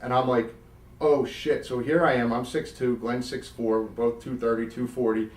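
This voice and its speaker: This guest is a former wrestler, a middle-aged man from South Jersey, telling stories in an interview at a medium pitch and a slightly fast clip. He gets animated, curses casually, and performs the quoted lines with vivid flair, all captured far from the mic in a reverberant room.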